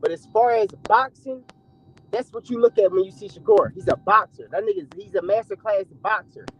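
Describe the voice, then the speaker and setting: A man calling into a show, talking fast and eagerly in slang about a boxer he admires. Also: sits high, highs cut off, slight background noise. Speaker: caller. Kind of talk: casual call-in chat.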